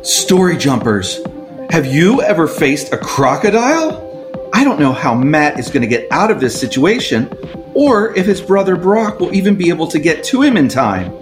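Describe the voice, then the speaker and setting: A man hosting a children's story podcast, lively and inviting. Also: on the high side, normal speed, over music. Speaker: podcast host.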